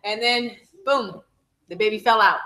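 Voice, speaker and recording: Animated woman telling a birth story. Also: medium pitch, measured pace, echoey room, a little hiss or hum, poor audio. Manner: candid, profane, acts out her own screams. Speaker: mother telling her home birth story. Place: room at a baby celebration.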